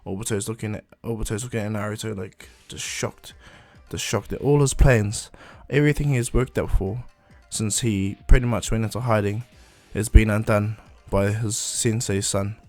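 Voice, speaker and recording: A man's voice: lowish voice, fairly even intonation, moderate pace, hardly any pauses, darkish tone, soft background music. A man casually retelling a fan story, rambling with restarts and fillers.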